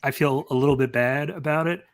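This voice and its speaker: A man's voice: on the high side, a little fast. Guy hosting a gaming chat, wry and easygoing, asks the panel stuff. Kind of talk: casual chat.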